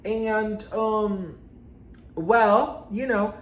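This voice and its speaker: A man telling a storytime in a sassy, dramatic way, swearing and swinging his pitch up and down. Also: fairly even intonation, very slow, roomy sound. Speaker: storytime vlogger. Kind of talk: casual storytime monologue.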